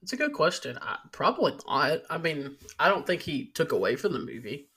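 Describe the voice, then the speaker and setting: A man's voice: a little high, big pitch swings, brisk, sharp tone, breathy edge. A man hosting a movie podcast, talking in a hesitant way full of fillers and restarts. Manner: hesitant, filler-heavy, chuckles. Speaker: podcast host. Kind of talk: casual chat.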